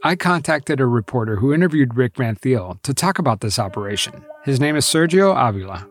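A male host narrating a documentary with dry, incredulous wit. His pitch rises and falls a lot as he talks. Soft music plays faintly beneath him. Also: lively intonation, fairly quick. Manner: wry, incredulous.

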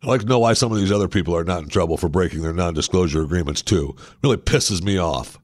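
A man's voice: low voice, fast talker, a little mellow, no room sound, studio quality. A man hosting a talk show, giving opinionated political commentary with indignant, sarcastic asides.

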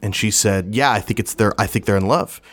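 A man's voice: fairly low pitch, fairly quick, fairly bright tone, dry recording. A man co-hosting a podcast, telling a story in a rambling way and laughing easily. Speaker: podcast co-host. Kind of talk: casual chat.

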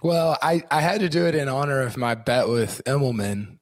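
Hoarse man chatting on a podcast. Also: medium pitch, animated, normal speed, no echo, studio quality. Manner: eager, rambling, many restarts. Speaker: podcast co-host and author. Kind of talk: casual podcast chat.

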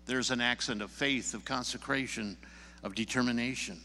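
A man's voice: mid-range voice, normal speed, pushed and bright, in a large hall. A man from the Chicago area preaching a sermon, telling stories and pressing the congregation with emphatic questions. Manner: storytelling, rising emphatic questions. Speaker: pastor. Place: church sanctuary.

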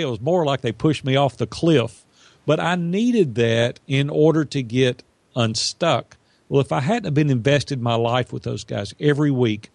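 Middle-aged male guest, earnest storyteller, gravelly tone, dry close sound. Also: mid-range voice, no room sound. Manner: earnest, animated storyteller who acts out quotes. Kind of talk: storytelling in an interview.

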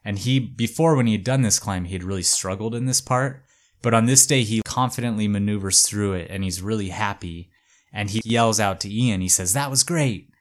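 A man hosting a podcast, casually telling a story with a relaxed, hedging manner and lots of fillers. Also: on the low side, a little fast.

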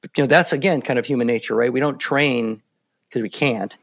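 Older male interview guest, gravelly tone, calm and plain-spoken, a steady storyteller. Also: mid-range voice, a little fast. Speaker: guest, former Navy SEAL. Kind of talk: casual interview talk.

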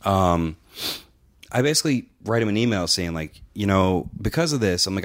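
Speaking at a moderate pace in a low-pitched voice, a middle-aged man who hosts a podcast and trains wrestlers spins a long, profane yarn. The chat is casual, and he brings the story to life by performing the dialogue.

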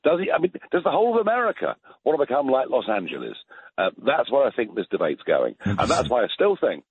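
British man in his 60s, phone guest, husky, lively emphatic delivery, repeats himself. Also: mid-range voice, fast. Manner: emphatic, repeats words and restarts. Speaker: guest commentator. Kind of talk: phone-in political chat. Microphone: telephone. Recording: tinny phone line.

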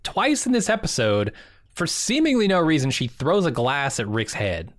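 A man's voice: fairly high pitch, big pitch swings, normal speed. A man co-hosting a podcast, talking in a casual, wry, chatty way. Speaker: podcast co-host. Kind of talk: casual chat.

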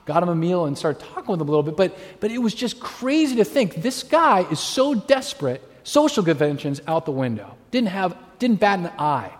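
A man's voice: sits high, sing-song, a little fast, hardly any pauses. A man preaching a sermon, telling stories animatedly and acting out the voices of people he quotes. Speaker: pastor. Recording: long hall reverb.

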